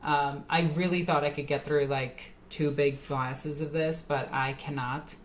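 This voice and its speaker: A woman's voice: low-pitched, fairly even intonation, unhurried, a little hiss or hum. A tipsy woman streamer chatting casually with her live chat, rambling and laughing often.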